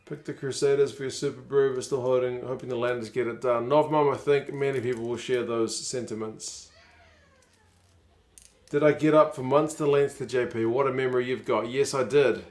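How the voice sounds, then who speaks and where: A man's voice: medium pitch, fairly even intonation, normal speed, darkish tone. A man, chatting casually on a live stream while watching rugby and reading out viewer comments.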